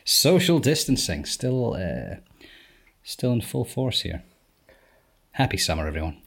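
Deep-voiced man co-hosting a podcast. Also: sing-song, vocal fry, a bit bright, husky. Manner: dry, rambling, halting delivery. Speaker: podcast co-host. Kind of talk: casual chat. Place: home, remote recording. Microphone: online call setup.

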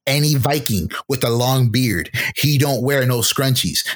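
A man co-hosting a casual podcast, riffing jokingly in rambling bits with a husky voice. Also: medium pitch, measured pace. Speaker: podcast co-host. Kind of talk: casual recap chat.

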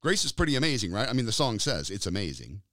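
A man's voice: sing-song, fast, fairly bright tone, no room sound. Emphatic man preaching, dry sound. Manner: emphatic, drawing out key words with sudden pitch jumps. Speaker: pastor. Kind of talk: conversational preaching.

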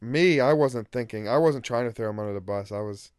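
A man's voice: mid-range voice, fairly quick, clean tone, no room sound. A man casually telling anecdotes among friends on a podcast, acting out the voices of the people he quotes. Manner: animated storyteller, acts out quoted voices. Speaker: podcast co-host. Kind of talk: casual storytelling chat.

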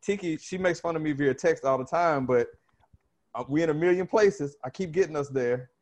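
A man's voice: on the high side, normal speed, a little mellow. A man hosting a podcast, chatting casually and rambling with restarts. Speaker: podcast host. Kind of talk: casual chat.

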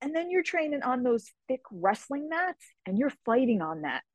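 A woman guest in a casual interview, telling stories in an animated way with laughs between phrases and quick voices for other people. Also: high-pitched, no room sound. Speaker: guest, fantasy novelist and martial artist.

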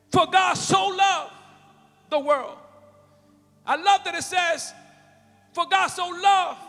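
High, gravelly voiced shouting preacher. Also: male voice. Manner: shouting, fervent, punctuated with hallelujahs. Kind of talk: sermon. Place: church sanctuary. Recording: long hall reverb with faint music.

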